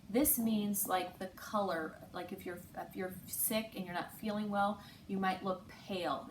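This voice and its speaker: Woman teacher, slow and patient, spells out letters, roomy echo, distant mic, faint hiss. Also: lowish voice. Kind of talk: online phonics lesson.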